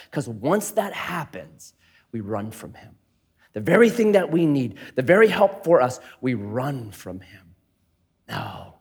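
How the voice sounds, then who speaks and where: Middle-aged male pastor, high and highly expressive, animated sermon delivery that drops to a hush. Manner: animated, swings from loud playful to hushed earnest.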